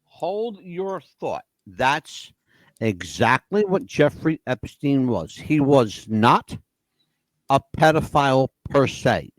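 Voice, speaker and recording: A man's voice: medium pitch, lively intonation, takes it slowly, no room sound. A man hosting a podcast, talking in an emphatic, profane, opinionated way. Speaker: podcast host. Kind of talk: casual opinionated chat.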